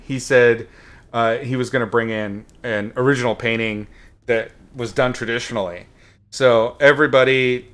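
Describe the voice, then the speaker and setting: A painting instructor streams a session, rambling casually through a story as he paints, his mid-range voice a bit bright. He leans on lots of fillers and swears bluntly now and then.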